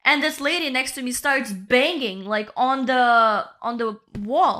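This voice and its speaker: Young woman, podcast co-host, high and bright, casual storyteller with a lot of "bro". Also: unhurried. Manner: storytelling, swears, says "bro" and "right?". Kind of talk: casual chat.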